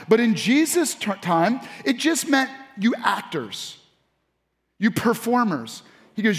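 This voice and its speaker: Male pastor, high voice, animated sermon delivery, long church reverb. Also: takes it slowly. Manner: animated preaching with audience call-outs. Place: church sanctuary.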